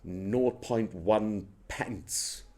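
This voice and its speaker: A man's voice: fairly low pitch, drawn-out words, darkish tone. A middle-aged man with a Welsh accent, an actor telling stories in a casual interview, rambling with many restarts. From Wales.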